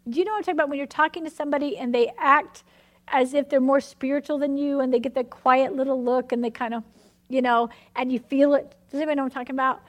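A woman preaching a sermon, telling a personal story with animated, emphatic delivery. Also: high voice, quick pace.

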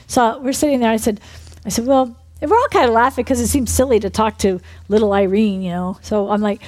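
A woman minister telling a story in a sermon, animated, breaking into shouted re-enactments. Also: a little high, fairly quick. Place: church building.

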